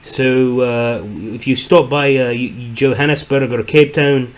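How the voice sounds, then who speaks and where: A man's voice: mid-range voice, fairly even intonation, unhurried, smooth, close to an everyday voice. A man putting on a jovial, pushy South African man in his sixties, with a put-on South African accent and a hearty, coaxing manner. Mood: inviting.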